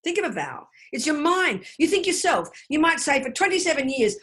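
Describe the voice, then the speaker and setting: A woman's voice: high-pitched, sing-song, fairly quick, vocal fry, hardly any pauses, fairly bright tone, slightly rough. An older woman giving a Buddhist teaching over a video call, forthright and emphatic, repeating her key phrases.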